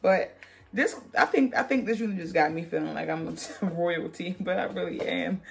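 A woman's voice: on the low side, moderate pace, creaky, soft background music. A woman beauty vlogger chatting through a wig tutorial, sassy and playful, joking with her viewers as she works.

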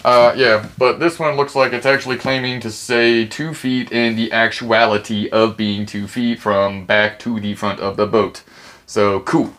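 A man hosting a casual unboxing review, excitable, jokey and rambling. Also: fairly low pitch, a little slow. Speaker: channel host, reviewer.

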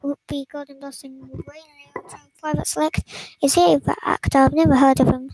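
A woman with a high, fairly level voice reads a film script aloud at home, tripping over words and restarting lines. She slips into whispers now and then. The sound is dry and close, with no room around it. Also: level tone, moderate pace, a little mellow, dry recording, low-quality recording. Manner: stumbling read-through with restarts and whispered asides. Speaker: channel host. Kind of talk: casual reading of a film script.

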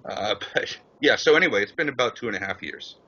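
A low-pitched man with a very sharp, bright tone, chatting as a radio guest. He hesitates often and fills the gaps with ums. The call sounds dull and lo-fi. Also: very animated, slightly rough. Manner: chatty, halting with many fillers. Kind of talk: radio interview talk.

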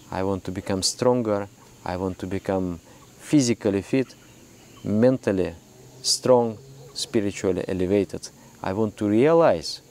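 Low gravelly man giving a spiritual talk. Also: a little mellow. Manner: earnest and reflective, with pauses and restarts. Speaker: spiritual teacher. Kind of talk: meditation talk.

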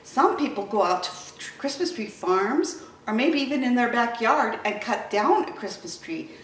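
Animated woman reading to children, roomy sound. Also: fairly high pitch, moderate pace, slight background noise. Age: adult. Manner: animated, sing-song storyteller. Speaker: story time reader. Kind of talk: reading picture books aloud to children. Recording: roomy echo, voice from a distance.

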